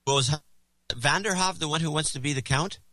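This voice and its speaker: A man's voice: on the high side, normal speed, sharp tone, no room sound. A man co-hosting a podcast, reading donor credits in casual banter with a dry manner. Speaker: podcast co-host.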